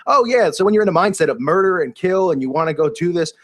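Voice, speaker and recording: A man's voice: sits high, lively intonation, fast. A man talking in a casual, unscripted monologue, rambling and incredulous, with many restarts and fillers. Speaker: video commentator.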